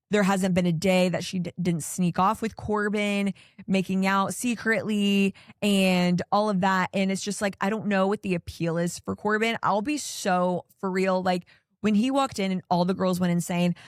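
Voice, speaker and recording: Her medium-pitched voice comes through in studio quality with no echo. This podcast host chats casually about reality TV, ranting with exasperation and strong opinions, rambling along with plenty of "like" and "I don't know."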